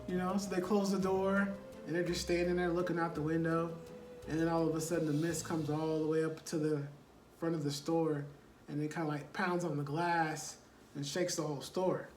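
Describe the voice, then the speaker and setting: A man's voice: high-pitched, steady tone, normal speed, faint music behind. Rambling man retelling a movie. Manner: rambling, full of "like" and "you know". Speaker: storyteller. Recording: roomy echo, distant mic, faint ambience.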